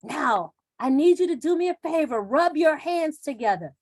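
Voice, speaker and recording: Woman confidence coach, high voice, coaxing, repetitive, live video call. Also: expressive, normal speed. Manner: coaxing, repeats phrases for emphasis. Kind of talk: live guided exercise.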